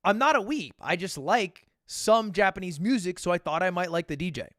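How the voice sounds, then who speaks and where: Animated young man telling a story. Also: high-pitched, fairly quick, dry recording, studio quality. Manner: animated, swearing, self-mocking, with loud bursts and mumbled asides. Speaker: streamer. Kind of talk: casual storytelling to a live stream.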